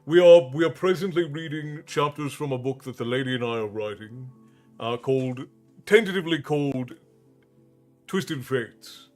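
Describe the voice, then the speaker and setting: A man's voice: mid-range voice, moderate pace, darkish tone, faint music behind. A man from Ireland hosting a livestream, chatting casually and greeting viewers by name in a friendly, rambling way. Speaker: livestream host and storyteller. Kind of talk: casual chat with stream viewers.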